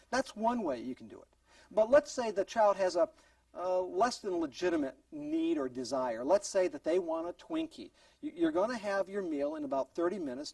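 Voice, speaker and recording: A man's voice: very high-pitched, gravelly, darkish tone, no room sound, far from the mic. A man teaching a parenting class in an earnest tone, acting out short exchanges between parents and children. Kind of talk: recorded parenting class lecture.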